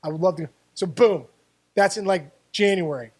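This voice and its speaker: Speaking in a high-pitched voice at a moderate pace, this Pittsburgh-area man, once a baseball player, recounts stories as an interview guest. He's animated, often repeating himself and starting sentences over.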